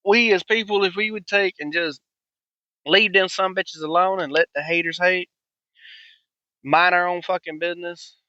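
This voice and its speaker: Male podcast host in his thirties, profane rant, bright dry voice, dull lo-fi sound. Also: high voice, fairly even intonation, moderate pace, long pauses, no echo. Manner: profane, blunt, rambling. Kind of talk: ranting monologue.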